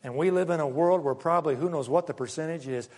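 Animated older male preacher in a reverberant hall. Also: on the high side, quick pace. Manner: animated, swinging from loud to hushed. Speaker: pastor. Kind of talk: sermon with personal storytelling.

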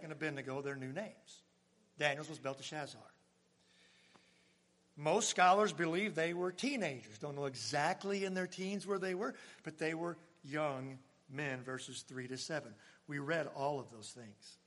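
An older man preaching with a high voice, his delivery swinging from loud, emphatic cries to hushed, almost whispered lines. He drops in chuckling jokes for the congregation, and a long hall reverb trails after his words. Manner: jokey asides with chuckles to the congregation. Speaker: pastor. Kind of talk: sermon.

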